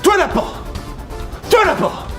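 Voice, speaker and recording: A man voicing an impatient cricket batsman who shouts demands for the ball. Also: a little slow, soft background music. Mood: demanding.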